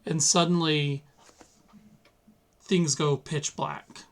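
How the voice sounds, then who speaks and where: A man narrating as game master of a tabletop role-playing game, in a loose, halting way with many fillers. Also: fairly high pitch, little pitch movement.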